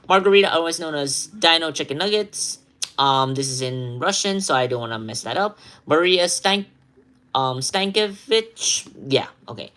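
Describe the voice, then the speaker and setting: A woman reading a long list of follower names for a shoutout, halting with many ums and apologizing when she stumbles over names, then chatting casually to her followers. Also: fairly low pitch. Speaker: social media creator.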